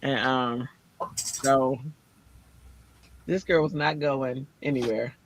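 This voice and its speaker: A man telling a story in a casual chat on a crafting show, animated and dramatic, acting out the people he quotes. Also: mid-range voice, slow. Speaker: co-host of a crafting livestream.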